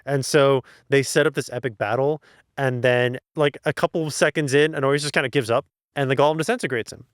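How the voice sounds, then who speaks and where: A man's voice: mid-range voice, fairly even intonation, a little fast, clean tone, dry recording, clean studio sound. A man co-hosting a podcast, casually recapping a novel's plot and acting out the characters' lines. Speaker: podcast co-host. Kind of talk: casual book recap chat.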